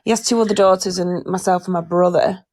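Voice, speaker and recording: A woman's voice: on the low side, fairly even intonation, fast talker, a little mellow. A woman, calling in and answering in brief, hesitant replies. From Lancashire, England. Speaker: caller.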